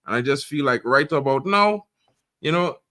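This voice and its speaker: A man's voice: mid-range voice, expressive, moderate pace, pushed and bright. A man co-hosting a casual podcast chat, talking hesitantly with many fillers. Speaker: podcast co-host.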